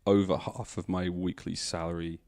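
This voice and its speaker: Young english guy on a podcast, lowish voice, tells stories with lots of little voices. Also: normal speed. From England. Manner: animated storyteller, acts out quoted voices. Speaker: guest comedian. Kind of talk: casual podcast chat.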